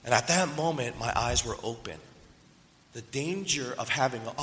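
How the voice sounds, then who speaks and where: A male pastor preaches a storytelling sermon, asking his listeners questions as he goes. His voice is bright and forceful, in the middle range for a man. It carries a long reverb from a large hall. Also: medium pitch, animated, moderate pace.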